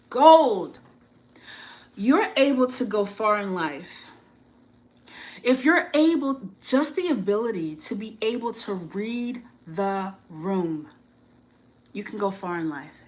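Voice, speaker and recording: A woman's voice: medium pitch, fairly bright tone, low-quality recording. A woman with a US Northeast accent giving dating advice in a casual vlog, chatty and frank and often laughing at herself.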